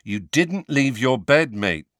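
A man's voice: medium pitch, lively intonation, slow, a bit bright, dry recording, studio quality, pitched above the performer's own voice. A man voicing an easygoing teenage boy who talks casually and matily. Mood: reassuring.

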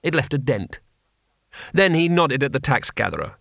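A man narrating an audiobook in a dry, lively storytelling manner. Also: medium pitch, moderate pace, creaky, pauses often, no room sound.

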